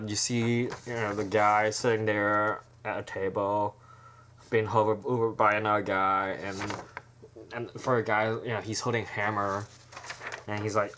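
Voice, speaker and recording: A man who is an amateur filmmaker, pitching a trailer in a loose, rambling way. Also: fairly bright tone, slight background noise. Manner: rambling, full of fillers and restarts.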